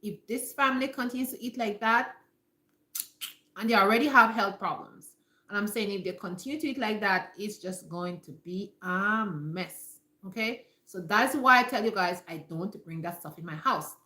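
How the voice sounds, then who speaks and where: A woman's voice: medium pitch, normal speed, sharp tone. A woman hosting a casual live-stream health talk from home, speaking emphatically and repeating her points as she addresses viewers directly. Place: home room. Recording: echoey room.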